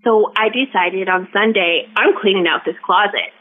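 Woman on a tinny phone-like line. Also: mid-range voice. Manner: halting, lots of fillers and restarts. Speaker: podcast guest. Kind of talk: casual storytelling chat.

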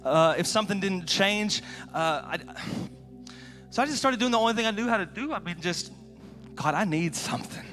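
A middle-aged man delivers a heartfelt sermon in a high voice. He tells his story in hushed tones, then builds to impassioned shouts. Faint music plays underneath. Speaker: guest preacher.

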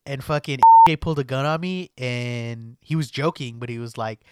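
A young man, chatting on a podcast in a slangy, profane, animated way. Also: medium pitch, moderate pace, smooth, dry recording, studio quality. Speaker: podcast host. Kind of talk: casual storytelling chat.

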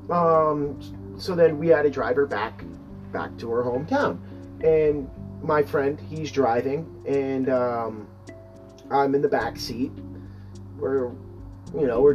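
A man's voice: mid-range voice, darkish tone. A young man from Massachusetts, hosting a podcast and telling a story in a casual, rambling way with many fillers and swearing, livening up when he quotes people. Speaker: podcast host. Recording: distant mic, dull lo-fi sound, faint music behind.

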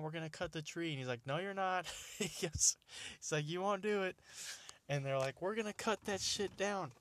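Rambling young man, laughing, slangy. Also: mid-range voice. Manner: rambling, laughs often, slangy with many restarts. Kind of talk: casual storytelling chat.

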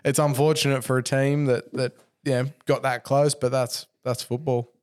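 A man's voice: medium pitch, level tone, normal speed, darkish tone, smooth. A man with an Australian accent on a podcast, teasing his mates, laughing often and swearing. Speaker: podcast co-host. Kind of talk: casual chat.

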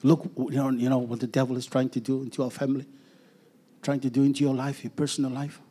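A middle-aged man giving an earnest personal testimony as a preacher, halting with restarts and letting phrases trail off softly. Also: mid-range voice, flat delivery, breathy edge.

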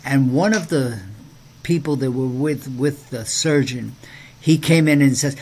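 A man talks with a middle-pitched voice, earnest and personal as he shares a testimony on a casual faith podcast. He restarts his sentences often as he goes, over a faint hum in the background. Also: a little slow, darkish tone. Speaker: podcast co-host and preacher.

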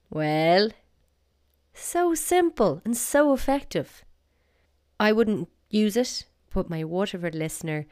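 Young South Dublin woman host, wry solo podcast talk, lowish voice. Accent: South Dublin Irish. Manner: chatty and wry, acts out phrases. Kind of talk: casual solo podcast monologue.

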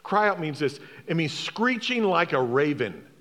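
A man's voice: a little high, very animated, a little slow, a bit bright, big-room sound. A man, a pastor, preaching a sermon, emphatic, asking the congregation questions and repeating key phrases.

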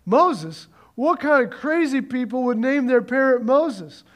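A man's voice: very high voice, animated, unhurried. A man voicing a startled male burglar who asks surprised, puzzled questions in a joke. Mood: incredulous.

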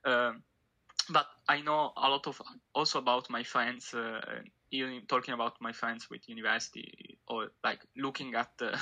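A young man with an Italian accent speaks as a podcast guest in a casual, halting way, leaning on fillers as he talks. His voice is gravelly and very bright, sitting at a middling pitch. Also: low-quality recording. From Italy. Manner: halting, with frequent fillers and laughs. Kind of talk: casual remote interview.

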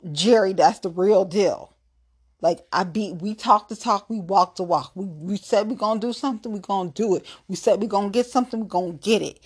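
A woman's voice: on the low side, a little mellow, slightly rough. Profane, tipsy woman ranting on a podcast. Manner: profane, threatening, blunt. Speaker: podcast host. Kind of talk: angry solo podcast rant.

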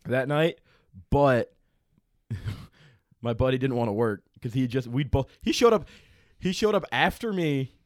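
A man's voice: medium pitch, expressive, unhurried, pauses often, dry recording, studio quality. A young man casually telling a rambling, profanity-laden story as a podcast co-host, with many restarts. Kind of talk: casual chat.

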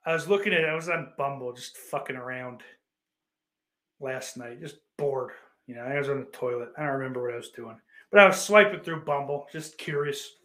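A man's voice: medium pitch, brisk, echoey room. A man streaming and reading chat comments aloud, ranting crudely with sarcasm and mocking outbursts. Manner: sarcastic, profane, bursts into mocking yells. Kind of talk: casual crude rant.

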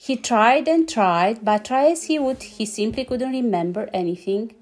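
A woman reading a children's story aloud, lively and animated, giggling now and then. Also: a little high, normal speed.

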